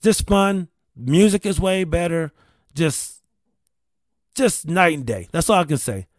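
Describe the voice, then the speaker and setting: A man's voice: on the high side, no room sound. A man casually telling a long personal story, rambling with restarts, repeated words and casual swearing. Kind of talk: casual anecdote.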